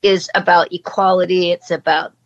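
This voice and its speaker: A woman's voice: fairly low pitch, level tone, normal speed. A middle-aged woman from Canada, a voice actor and former politician, talking earnestly and reflectively as an interview guest, with frequent restarts. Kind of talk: casual interview talk. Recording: slightly dull lo-fi sound.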